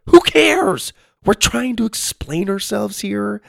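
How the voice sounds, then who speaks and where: A man's voice: on the high side, lively intonation, normal speed, creaky, no echo, clean studio sound, pitched above the performer's own voice. A man voicing a bossy young space cadet girl who talks in an impatient, snappy way in a storybook reading. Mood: snapping.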